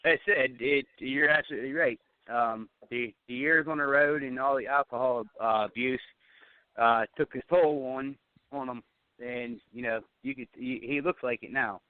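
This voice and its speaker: A man's voice: medium pitch, steady tone, moderate pace, dry recording. A man co-hosting a casual talk radio show, agreeing hesitantly with many fillers. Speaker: podcast co-host. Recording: tinny phone-like sound.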